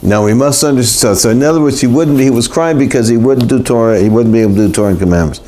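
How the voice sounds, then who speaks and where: A man teaching a live Torah class, talking haltingly with many repeated words and restarts. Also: medium pitch, mellow. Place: classroom in Los Angeles.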